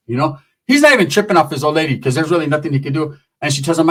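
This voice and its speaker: A middle-aged man telling a comic street story, animated and profane. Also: fairly high pitch, racing, hardly any pauses.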